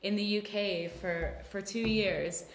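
A woman's voice: medium pitch, fairly even intonation, slow. A woman with an American Michigan accent, chatting casually and laughing easily. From Detroit, Michigan. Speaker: conversation partner. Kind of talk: casual chat. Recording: roomy echo.

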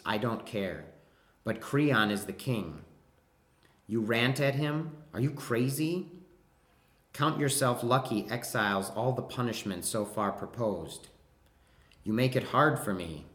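A man's voice: on the low side, fairly bright tone. A man with a Wisconsin accent and a nasal voice, reading the part of a bitter husband who scolds his wife with scorn. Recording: roomy echo.

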